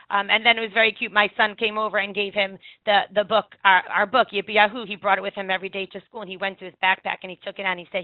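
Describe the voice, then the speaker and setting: A woman's voice: medium pitch, fast talker, hardly any pauses, no room sound, narrow, tinny audio. A woman early childhood educator giving earnest, practical advice and telling classroom anecdotes, with brief restarts now and then. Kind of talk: instructive talk with anecdotes.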